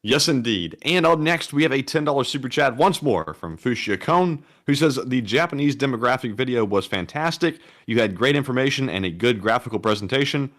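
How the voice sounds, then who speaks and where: Deadpan co-host reading chat. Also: male voice, medium pitch, fairly quick, few pauses. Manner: reads messages flatly on purpose. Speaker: co-host reading super chats. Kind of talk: casual live-stream chat.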